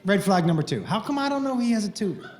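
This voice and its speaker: A middle-aged man doing stand-up, telling crude stories in a playful, animated way with sudden loud outbursts. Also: sits high, fast talker. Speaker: stand-up comedian. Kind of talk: stand-up storytelling. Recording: roomy echo with faint noise.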